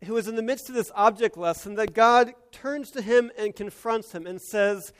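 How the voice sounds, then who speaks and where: A man preaching an earnest sermon, moving between hushed and emphatic delivery. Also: high-pitched, normal speed, few pauses. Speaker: pastor.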